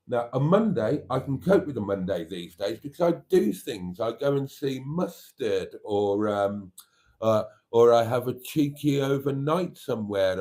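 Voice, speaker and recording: Relaxed male host for casual live-stream chat. Slow, easygoing pace, rambles happily between viewer comments. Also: lowish voice. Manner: chatty, rambling, reads viewer comments aloud.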